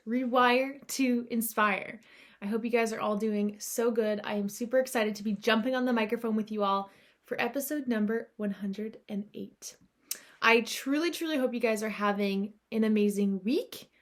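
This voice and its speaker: A woman hosts her own podcast alone, in a relaxed, conversational tone. Her voice sits a little high. She talks straight to her listeners, keeps them close with asides like "right?", and sounds encouraging throughout. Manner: chatty and encouraging, often adds "right?" and "you guys". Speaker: podcast host. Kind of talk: casual solo podcast talk.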